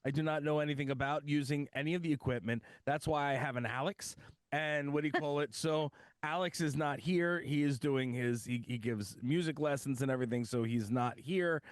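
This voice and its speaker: A man's voice: on the high side, fairly quick, no echo, clean studio sound. Rambling, joking male podcast co-host. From US East Coast. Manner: rambling, joking, many fillers. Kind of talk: casual chat. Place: studio.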